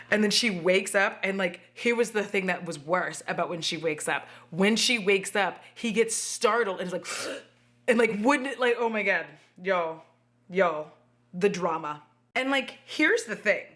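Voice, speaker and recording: A woman's voice: medium pitch, moderate pace, fairly bright tone. A woman vlogging at home, chatting expressively while doing her makeup and swearing freely. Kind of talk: casual chat to camera.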